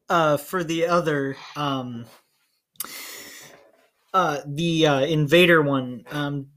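A slow-talking game master narrating a tabletop role-playing session. The speech is full of filler words and restarts while scenes are described. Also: medium pitch, fairly bright tone. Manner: hesitant, many fillers.

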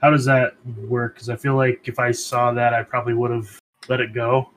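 A man's voice: mid-range voice, little pitch movement, moderate pace, fairly bright tone, a little hiss or hum, poor audio. A man playing a tabletop game over voice chat, talking hesitantly with many ums. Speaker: player.

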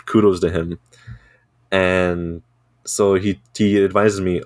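A young man with a deep, low-pitched voice tells a story in relaxed chat. He laughs often while he talks. The recording is dry and close. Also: slow pace, long pauses, no room sound. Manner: laughing, animated storytelling with crude humor. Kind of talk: casual chat.

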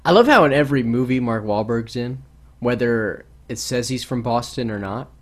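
A man co-hosting a podcast in casual chat, rambling and animated with many restarts. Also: mid-range voice, moderate pace. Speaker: podcast co-host.

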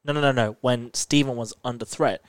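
A man's voice: mid-range voice, steady tone, a little fast, clean tone, dry recording. Chatty man explaining a plot. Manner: explains plot eagerly, laughs often. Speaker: podcast co-host. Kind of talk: casual chat.

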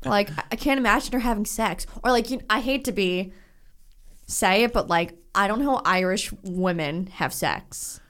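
A woman's voice: mid-range voice, normal speed, fairly bright tone. A woman co-hosting a podcast, chatting casually in a blunt, playful way, often stopping and restarting. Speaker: podcast co-host. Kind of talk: casual chat.

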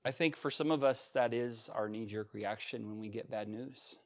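A middle-aged male pastor preaching a sermon, swinging between raised emphasis and quiet, conversational asides. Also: fairly low pitch, normal speed. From United States.

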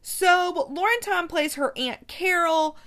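Chatty bright-voiced woman rambling. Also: very high-pitched, takes it slowly. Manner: chatty, rambling, many fillers and self-corrections. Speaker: podcast host reviewing TV movies. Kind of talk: casual chat.

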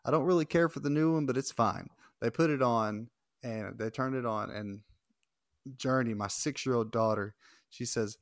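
A man in his thirties, a podcast guest chatting casually, self-deprecating and quick to laugh. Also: medium pitch, no echo, studio quality. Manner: self-deprecating, laughs often, stumbles and restarts. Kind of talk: casual chat.

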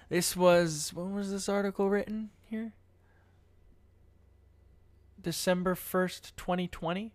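A man's voice: sits high, steady tone, slow, pauses often. A young man talking casually about politics, blunt and mocking, swearing often as he reads news aloud. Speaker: political commentary host.

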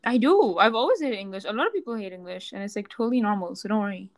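A teenage girl co-hosting a casual podcast chat, animated and exclamatory, teasing her co-host. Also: medium pitch, very fast.

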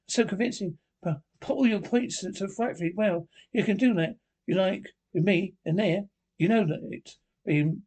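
A man playing a boastful, impulsive toad with a gushing, wheedling manner. The voice is pitched high and sounds gravelly. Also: a little mellow.

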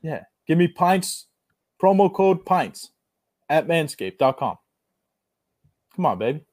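A young man co-hosting a podcast in casual banter, loud and jokey as he reads an ad. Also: on the high side, sing-song, takes it slowly. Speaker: podcast co-host.

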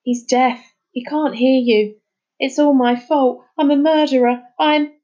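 A woman's voice: sits high, steady tone, a little slow, mellow, dull audio, voice pushed up. A woman doing a distraught stammering boy. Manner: stammering, despairing. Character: boy, upset and guilt-ridden.

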